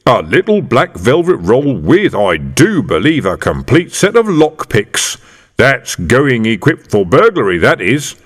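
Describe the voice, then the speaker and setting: A man reading an audiobook aloud, voicing a gruff, streetwise middle-aged police sergeant with dry, mock-official copper talk. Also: medium pitch, wildly swooping pitch, measured pace. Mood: mock-formal. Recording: reverberant room.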